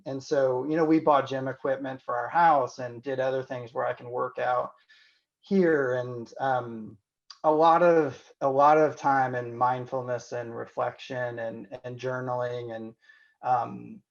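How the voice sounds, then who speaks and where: A man from Indiana talks through an interview in a reflective, candid way, often pausing on "you know" and starting sentences over. His voice has a gravelly edge, and the audio is dull and lo-fi. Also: medium pitch. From Indiana, USA. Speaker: physician and podcast guest.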